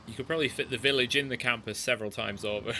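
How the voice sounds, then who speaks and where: A man's voice: mid-range voice, fairly even intonation, fast, bright, forceful tone, slight background noise. A man chatting in rambling asides as he plays a game on a live stream. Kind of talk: live gameplay commentary.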